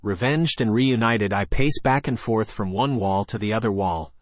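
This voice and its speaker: Male horror narrator, lower voice, steady scripted read, dry close sound. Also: normal speed, no echo.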